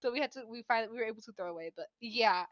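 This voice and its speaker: A woman who works as a teacher, telling animated stories in a casual podcast chat and acting out the children's voices. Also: fairly high pitch, racing, no echo, lo-fi sound. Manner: animated storyteller, acts out kids' voices. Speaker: preschool teacher.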